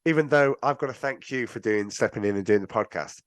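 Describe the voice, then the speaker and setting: A British man hosts a casual podcast, joking and teasing his guest in easy banter. His voice sits at a middling pitch and sounds dry and close, with no room around it. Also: a little fast, dry recording. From Britain. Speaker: podcast host.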